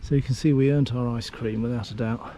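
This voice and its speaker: A man's voice: medium pitch, fairly even intonation, fairly quick, warm tone, a little hiss or hum. A middle-aged man from the UK chatting enthusiastically as he walks outdoors through village streets, admiring everything he sees. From United Kingdom. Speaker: travel vlogger. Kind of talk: casual walking commentary.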